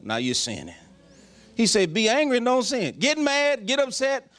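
A pastor preaching a folksy, joking sermon. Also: male voice, very high voice, big pitch swings, normal speed, a bit bright.

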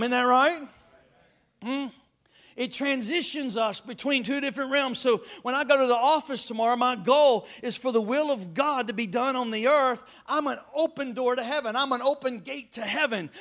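A man preaching a sermon, emphatic and animated, calling out to the congregation. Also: very high-pitched. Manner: emphatic, call-and-response, animated.

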